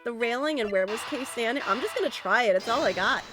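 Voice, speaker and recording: Emotional, excitable woman streamer; high, animated pitch, lofi music behind. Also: fast talker. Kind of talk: casual game commentary.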